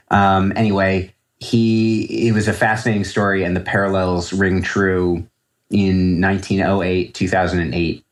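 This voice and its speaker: A deep-voiced man talks through his trading habits, circling back and restarting his thoughts as he goes. He sounds reflective and unhurried in a podcast conversation. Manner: reflective, rambling with many fillers and restarts. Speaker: trader guest. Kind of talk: podcast interview answers.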